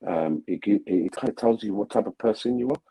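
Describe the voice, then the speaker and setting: A man hosting a live stream, his voice very deep and dark with a husky edge. He rambles along in casual chat, piling up fillers as he talks. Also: fast, rough recording. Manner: rambling, filler-heavy, mimics relatives in a loud high voice.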